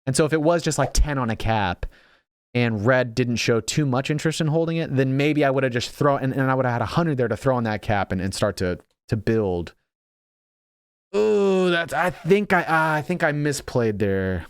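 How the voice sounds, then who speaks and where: Speaking a little fast in a smooth, medium-pitched voice, a young man who hosts a gaming channel talks through his strategy game. He thinks aloud, mocks his own misplays and frequently restarts. The sound is dry and clean, studio-like.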